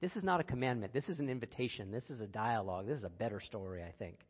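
A man's voice: on the low side, racing, slightly rough. A man giving a conversational sermon, earnest and personal, with wry asides. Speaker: speaker giving a reflective talk. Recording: dull recording with long hall reverb.

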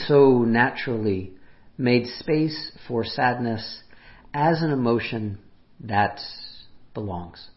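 A man preaching as a pastor, speaking gently and unhurriedly, his voice dropping softly on heartfelt lines. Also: mid-range voice. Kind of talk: reflective sermon. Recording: muffled lo-fi sermon audio.

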